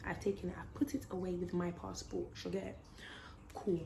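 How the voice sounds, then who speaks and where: A woman's voice: fairly low pitch, a little fast, a little hiss or hum. Slangy young woman telling a story. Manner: animated, slangy retelling with acted quotes. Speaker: YouTuber. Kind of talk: storytime vlog.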